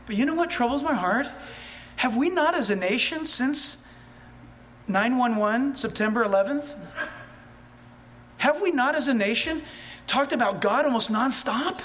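High-voiced animated preacher. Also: male voice, measured pace, long pauses, a little hiss or hum. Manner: animated, rhetorical questions, rising to near shouts. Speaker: pastor. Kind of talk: sermon.

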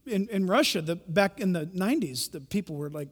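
A man preaching a sermon, telling stories with animated swings from loud bursts to hushed tones. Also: sits high, brisk, breathy edge, big-room sound. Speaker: pastor.

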